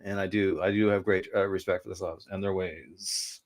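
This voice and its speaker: A man's voice: sits low, steady tone, normal speed. A man chatting casually on a livestream, telling rambling, profane stories and reading out chat messages. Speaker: livestream co-host. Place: lived in Vancouver.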